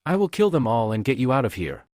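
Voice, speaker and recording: Man doing a protective bodyguard, urgent, lively pitch, dry sound. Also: fast talker, dry recording, natural voice.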